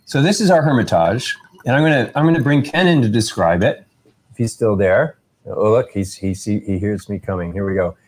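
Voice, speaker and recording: A man hosting a live interview, talking casually in a relaxed, rambling way with restarts. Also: lowish voice, fairly quick. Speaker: host.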